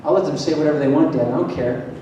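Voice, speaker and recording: A man's voice: racing, dark tone, natural voice. A man quoting his eager, confident nine-year-old son in a big echoey hall. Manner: eager, matter-of-fact. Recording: echoey hall, distant mic, faint rumble.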